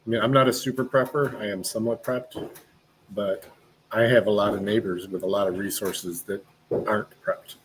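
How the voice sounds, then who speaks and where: A man with a lowish voice drops offhand comments into the conversation, often over the main speaker. Faint background noise sits behind him. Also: fairly even intonation, moderate pace, poor audio. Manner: offhand asides, talks over others. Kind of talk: casual chat interjections.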